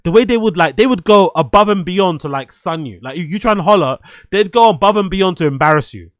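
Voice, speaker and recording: Animated man, slightly high voice. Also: fast talker, no room sound. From London. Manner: animated, swears freely, laughs often, repeats phrases. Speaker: streamer host. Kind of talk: casual live-stream commentary.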